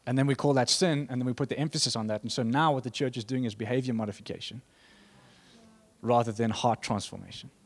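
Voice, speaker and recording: Man, preacher, sermon, conversational, rambling asides, mid pitch. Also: quick pace, slightly rough.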